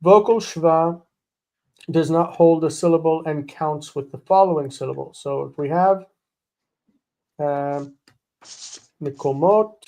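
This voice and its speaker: A man's voice: a little high, darkish tone. Patient man teaching Hebrew vowel names. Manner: patient, repeats terms and rules slowly. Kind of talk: live online lesson.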